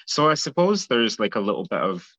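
A man's voice: fairly low pitch, big pitch swings, fairly quick, a bit bright, dry recording. A man with a Scottish accent, a guest fortune teller talking through things in a casual, easygoing interview. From Scotland. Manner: easygoing, explanatory, with light laughs.

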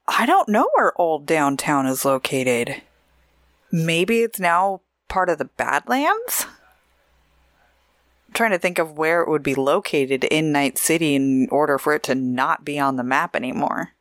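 A young woman co-hosting a podcast, unhurried and giggly as she chats through shout-outs and sponsor reminders. Her voice sits on the low side, and the recording is close and dry with no room sound. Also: lively intonation, no echo. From Oregon, USA. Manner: giggly, chatty, reads shout-outs and promos. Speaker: podcast co-host. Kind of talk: casual podcast chat.

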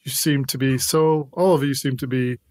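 An overly polite flight attendant who stumbles over his words with constant uhs, as a man improvises him. The voice sits at an ordinary middle pitch and sounds dry and close. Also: steady tone, normal speed, darkish tone, no echo, close to an everyday voice. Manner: hesitant, full of uhs, politely accommodating. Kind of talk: improv comedy scene.

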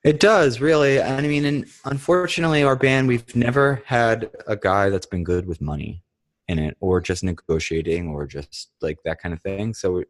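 Deep-voiced rambling musician man. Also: moderate pace. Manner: rambling, full of "like" and swearing. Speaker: touring band musician, guest. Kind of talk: casual storytelling chat.

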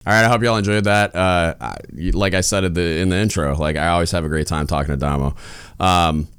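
A man's voice: low-pitched, brisk, a bit bright, clear, resonant tone, no echo, studio quality. A young man hosting a podcast, talking loosely with many fillers and restarts. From United States. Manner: rambling, lots of fillers and restarts. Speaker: podcast host. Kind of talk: casual chat.

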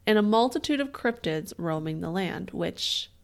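A woman's voice: on the low side, animated, moderate pace, creaky. A playful woman co-hosts a casual chat podcast. She reads listener letters aloud and drops giggly jokes between lines. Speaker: podcast co-host.

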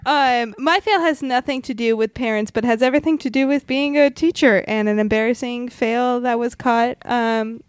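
A woman's voice: fairly high pitch, moderate pace, hardly any pauses, clean tone, no room sound. A woman who teaches, telling a funny story in casual chat with friends, laughing now and then. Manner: laughs while telling stories.

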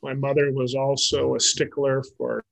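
A man in his fifties, an author interviewed as a guest, telling animated stories with frequent laughter. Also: medium pitch, normal speed, creaky, rough recording. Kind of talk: conversational interview storytelling.

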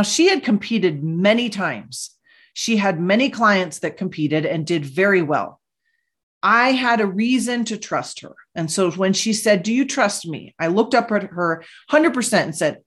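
A middle-aged woman hosting a motivational podcast, talking upbeat with playful asides that act out her own inner voice. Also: mid-range voice. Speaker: podcast host.

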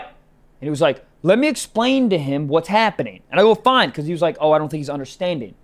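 A man, a comedian and podcast co-host, telling a story in casual chat, animated and cursing often. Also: a little high, brisk. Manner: animated storyteller, swears a lot.

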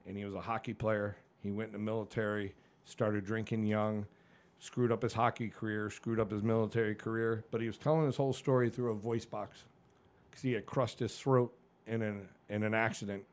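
A middle-aged man telling his own story candidly in a casual podcast chat, swearing freely and acting out what others said. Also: on the low side. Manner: candid, profane, animated storyteller. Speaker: guest.

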